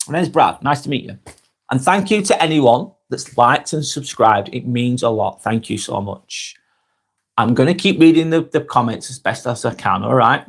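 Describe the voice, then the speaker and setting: Chatty and friendly, a live vlog host reads viewer comments aloud during a casual stream. He has a mid-range, slightly rough voice and a Lancashire accent from Blackburn and Darwin in northwest England.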